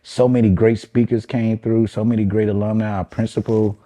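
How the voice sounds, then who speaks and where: A man in his forties from Chicago's west side, a comedian guest telling animated, profane stories in casual chat. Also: brisk. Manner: animated, does high mocking voices of relatives, swears a lot.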